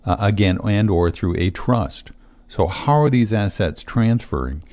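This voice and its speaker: A middle-aged man, a financial advisor, explaining estate matters in casual talk-show chat, steady with frequent fillers. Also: lowish voice, a little slow.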